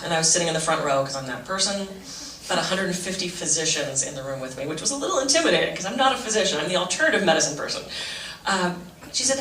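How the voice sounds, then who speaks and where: A middle-aged woman telling funny stories at a fundraising breakfast, later leading a slow, gentle meditation. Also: fairly low pitch, background noise. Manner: animated, jokey storytelling with self-mocking asides; shifts to slow, soft guided-meditation voice. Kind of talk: motivational talk on stress with humor. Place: large event room. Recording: echoey room, voice from a distance.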